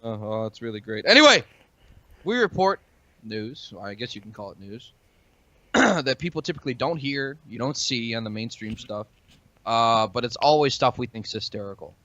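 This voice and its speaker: Jokey podcast dude, swears a lot, bright lively voice, kinda dull dry lo-fi sound. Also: male voice, medium pitch, moderate pace, no room sound. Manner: jokey, rambling, swears freely. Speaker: podcast co-host. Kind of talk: casual chat.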